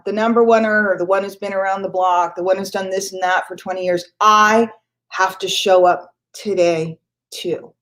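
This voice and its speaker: A middle-aged woman giving an emphatic, energetic motivational morning talk to her business team, often laughing. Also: medium pitch. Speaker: network marketing trainer.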